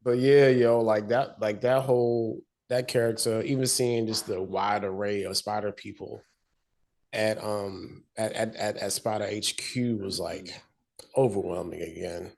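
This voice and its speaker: Relaxed slangy man chatting about a film. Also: fairly low pitch, a little slow, vocal fry. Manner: relaxed, slangy, many fillers. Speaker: podcast co-host. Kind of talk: casual movie review chat.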